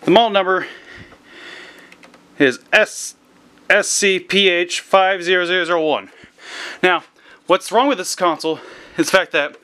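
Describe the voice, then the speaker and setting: Young male repair vlogger, breathless and excitable, slightly higher voice. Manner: excitable, rambling. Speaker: repair video host. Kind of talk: casual repair tutorial.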